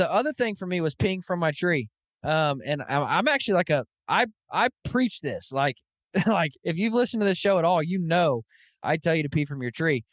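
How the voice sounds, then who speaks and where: A man hosting a podcast, telling stories in an animated, casual way, full of "dude" and "like". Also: fairly high pitch, a little fast, no room sound, studio quality. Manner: animated storytelling, lots of "dude" and "like". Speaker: podcast host. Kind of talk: casual chat.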